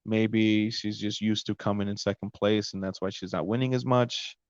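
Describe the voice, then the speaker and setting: A man's voice: fairly low pitch, fairly even intonation, normal speed, no echo, lo-fi sound. A man hosting a podcast, recapping fights in a casual, rambling monologue and stumbling over names. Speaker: podcast host. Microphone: close mic.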